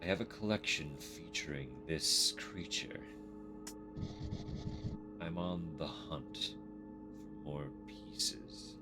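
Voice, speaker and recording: A man's voice: a bass voice, slow pace, pauses often, over loud music. A man streaming a game, reading its text aloud and adding dry, sarcastic asides.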